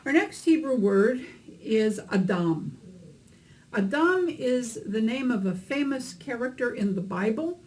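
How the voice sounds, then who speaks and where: A woman's voice: a little high, animated, a little mellow, low-quality recording. Patient woman teaching letter sounds. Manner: patient, explains sounds slowly with fillers. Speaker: Hebrew reading teacher. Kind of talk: instructional lesson narration.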